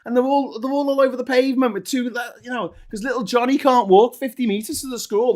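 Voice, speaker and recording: A man's voice: very high voice, steady tone, fast talker, few pauses, a little mellow. A man hosting a live-streamed chat show, swearing, ranting and joking over a video call. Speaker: host.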